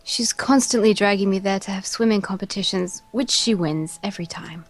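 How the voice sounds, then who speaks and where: A woman voicing a polite, soft-spoken young woman while reading a visual novel aloud with a friend. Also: mid-range voice, brisk, soft background music, natural voice. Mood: gentle. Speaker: co-player voicing characters. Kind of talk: casual visual novel read-along.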